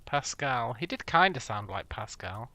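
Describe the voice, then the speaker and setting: A man's voice: mid-range voice, big pitch swings, measured pace, sharp tone, dry recording. A young man hosting a game playthrough, joking and reading dialogue options aloud. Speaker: gaming video host. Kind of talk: casual let's-play commentary.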